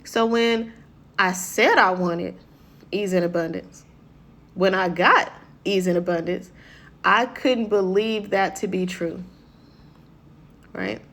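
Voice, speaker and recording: A woman speaking at an ordinary mid pitch gives a loose, conversational motivational talk. She keeps checking in with her listeners and slips into quick impressions of what people say. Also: fairly bright tone. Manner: conversational, keeps asking "right?"; acts out quoted voices.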